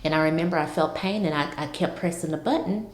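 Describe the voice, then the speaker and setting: A woman vlogger telling a personal story in a halting way, with many restarts. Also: low-pitched. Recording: roomy echo.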